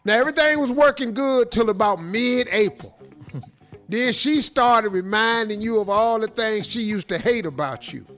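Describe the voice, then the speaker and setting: Guy hosting a show, real high voice, swings all over the place, teasing, streetwise banter, music going underneath. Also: expressive, normal speed, fairly bright tone. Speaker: radio show host. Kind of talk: comedic advice commentary.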